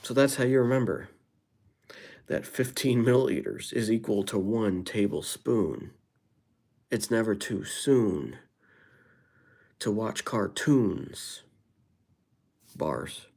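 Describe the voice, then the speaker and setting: A man's voice: lowish voice, lively intonation, slow pace, vocal fry, pauses often, a little mellow. A man chatting casually on a live stream, playfully rhyming and dropping into whispers. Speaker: livestreamer. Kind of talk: casual live-stream chat with freestyle rhymes.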